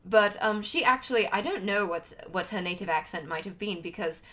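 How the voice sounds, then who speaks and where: Brisk, pushed, and bright, this medium-pitched voice belongs to a young Utah streamer casually chatting to her viewers. She rambles, restarts often, fills gaps with fillers, and laughs a lot.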